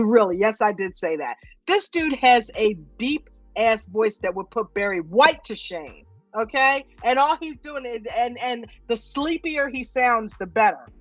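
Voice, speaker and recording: A woman's voice: a little high, a bit bright, no room sound. Upbeat woman hosting a live stream. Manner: upbeat, greets viewers by name. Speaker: livestream host. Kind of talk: casual live stream chat. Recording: dull, lo-fi stream audio.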